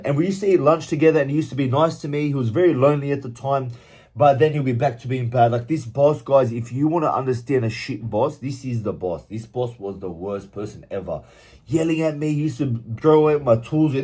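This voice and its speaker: Young aussie guy, husky voice, blunt and sweary, just venting his story to camera. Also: medium pitch, mellow. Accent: Australian. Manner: blunt, swears freely, vents openly. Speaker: vlogger. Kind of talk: candid personal storytelling.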